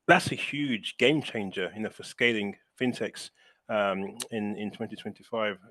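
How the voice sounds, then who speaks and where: A man's voice: fairly low pitch, unhurried, sharp tone, no room sound. A man speaking as a webinar panelist over a video call, emphatic and full of "you know" fillers.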